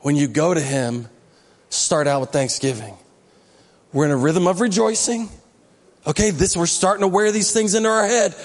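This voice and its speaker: High-voiced pastor preaching in a reverberant hall. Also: male voice, normal speed, pauses often. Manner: conversational, joking, rising into emphatic exhortation. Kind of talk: sermon. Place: church sanctuary.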